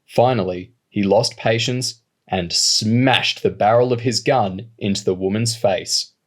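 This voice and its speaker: A man narrating an audiobook in a steady, measured reading voice. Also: lowish voice. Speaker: audiobook reader. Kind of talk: storybook narration.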